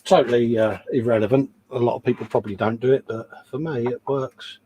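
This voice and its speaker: A man's voice: mid-range voice, steady tone, brisk, dark tone, slight background noise. Jokey man chatting at the workbench. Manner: jokey, teasing banter. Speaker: host. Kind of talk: casual chat while model building.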